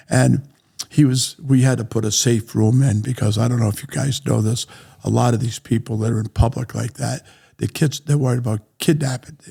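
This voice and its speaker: In a podcast interview, a real estate developer with a New England accent tells animated stories, acting out the lines of the people in them. His voice is medium-pitched, husky, and marked by vocal fry.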